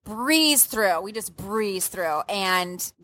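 A woman telling a story in a casual, animated way, swearing freely and swinging her pitch up and down. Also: drawn-out words, no room sound. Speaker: podcast guest.

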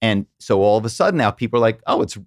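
A middle-aged man from the Philadelphia area, an animated storyteller who slips into quoted voices as a podcast guest. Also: on the low side, racing, no room sound, clean studio sound. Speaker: podcast guest, former corporate spy. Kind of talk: casual interview storytelling.

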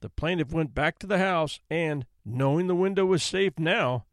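A man narrating a classic folk tale in an expressive, theatrical reading style. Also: on the high side, normal speed, dry recording. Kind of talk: storybook narration.

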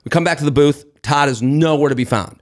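A young man co-hosting a podcast, telling a story in lively casual chat and acting out the voices of people in it. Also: fairly high pitch, quick pace. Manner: animated, acts out voices, swears and laughs. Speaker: podcast co-host.

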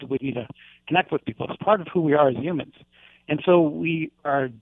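Male teacher, slightly high, gravelly, dry phone-line sound, earnest and rambling. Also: dry recording. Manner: earnest, rambling with many fillers. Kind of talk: casual interview talk.

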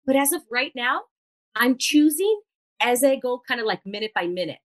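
A woman's voice: high-pitched, sing-song, moderate pace, rough recording. A woman guest on a podcast, earnestly explaining ideas in casual chat and playfully acting out quotes.

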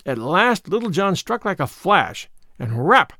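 A man narrating an old adventure story with a high, lively voice. His storytelling stays animated throughout. The recording is close and dry. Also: a little slow, dry recording. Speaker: audiobook reader.

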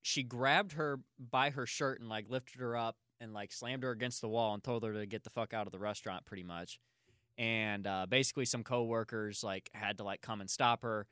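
Bright-voiced man rambling on a podcast. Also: lowish voice, steady tone, moderate pace, clean tone, dry recording, studio quality. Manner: rambling storytelling, filler words, bursts of loud laughter. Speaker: podcast host. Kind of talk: casual podcast chat.

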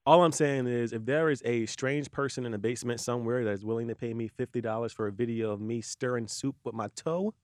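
A co-host chatting casually, joking in a playful, slangy, animated way. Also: mid-range voice, fast, hardly any pauses, no room sound, clean studio sound. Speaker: co-host of an entertainment news show. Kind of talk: casual chat.

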